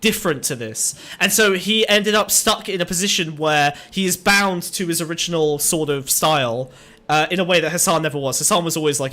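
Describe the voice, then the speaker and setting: A man's voice: on the high side, pushed and bright. A man co-hosting a casual podcast, reacting to a stream with exasperated, swearing, laughing banter. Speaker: podcast co-host.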